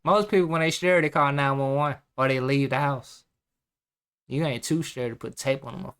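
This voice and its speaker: A man's voice: mid-range voice, normal speed, a bit bright, clean tone. A man hosting a reaction video, mocking and incredulous as he comments. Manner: sarcastic, incredulous, teasing. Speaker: reaction channel host.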